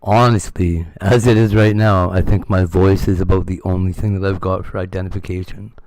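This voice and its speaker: A man's voice: low-pitched, flat delivery, fairly quick, a little mellow, dry recording. A man chatting casually on a livestream, rambling and candid, swearing freely. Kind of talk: casual chat.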